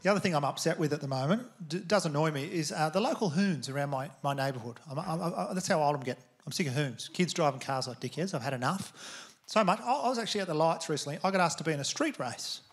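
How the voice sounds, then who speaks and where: A man's voice: fairly high pitch, expressive, quick pace, few pauses. A man with an Australian accent doing a stand-up comedy set, telling crude, conversational stories to a live crowd. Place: comedy venue stage. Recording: live venue with audience noise. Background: audience laughter.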